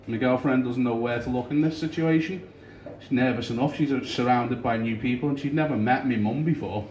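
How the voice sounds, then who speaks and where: A young man from Liverpool with a Scouse accent, doing a dry, deadpan stand-up set in a small comedy club. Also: mid-range voice, fairly quick. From Liverpool, England. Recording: roomy far-off club recording with crowd noise.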